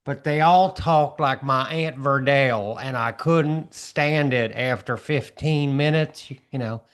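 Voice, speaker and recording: A man with a Maryland accent hosting a podcast, chatting and telling stories with quick asides. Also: medium pitch, smooth. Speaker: podcast host. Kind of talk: casual podcast conversation.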